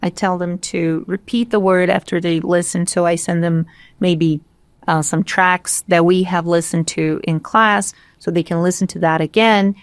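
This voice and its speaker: A woman's voice: fairly low pitch, fairly even intonation, normal speed, no echo. A Brazilian woman, an English teacher whose first language is Portuguese, speaking English with a Brazilian accent and making her points emphatically in a casual podcast conversation.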